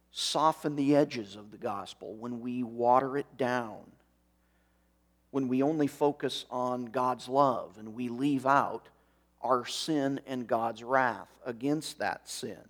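A man's voice: mid-range voice, takes it slowly. A middle-aged man preaching a sermon, speaking earnestly and reading scripture aloud with commentary. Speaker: pastor.

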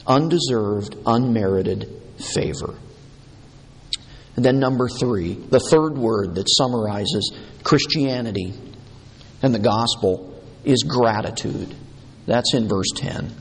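Male pastor, mid-pitched, unhurried, emphatic delivery, echoing hall. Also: slightly rough. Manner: deliberate, emphatic, repeating key words. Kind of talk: sermon. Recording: long hall reverb.

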